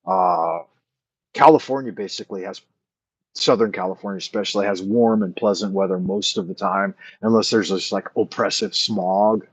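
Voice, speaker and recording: A man's voice: on the low side, moderate pace, slightly rough, no room sound. A man hosting a casual late-night chat, rambling and thinking aloud with many fillers as he answers his viewers. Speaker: livestream host answering chat.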